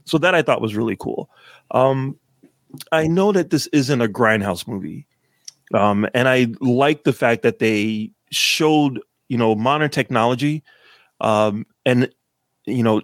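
A man's voice: mid-range voice, a little slow, dry recording, studio quality. A man from Massachusetts co-hosting a movie podcast, giving a casual review full of fillers and swearing. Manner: rambling, frequent fillers and profanity. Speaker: podcast co-host.

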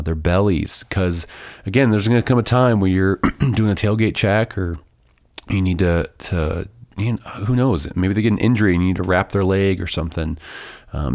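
Host type: young adult man, deep voice, congested from a cold, loose chatty podcast delivery full of ums and restarts. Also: normal speed, a little mellow. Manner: rambling, many fillers and restarts. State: stuffy from a summer cold. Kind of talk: casual solo podcast intro.

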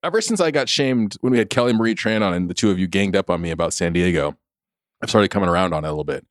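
A man's voice: low voice, lively intonation, very fast, no echo, clean studio sound. A middle-aged man co-hosting a podcast, chatting casually, laughing often, swearing and stumbling over restarts. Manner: laughing, profane, stammering restarts. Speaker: podcast co-host. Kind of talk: casual chat.

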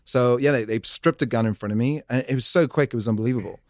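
A man, a podcast guest telling a comic story in a jokey, animated way. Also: medium pitch, fast, no room sound, clean studio sound. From South Africa. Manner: animated, jokey, acts out voices in his stories. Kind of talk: comic storytelling in casual chat.

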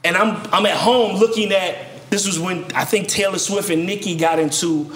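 A man from Virginia telling animated stories in casual chat, acting out other people's voices as he goes. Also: high-pitched, moderate pace, reverberant, a little hiss or hum. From Virginia, USA. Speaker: podcast guest songwriter telling stories.

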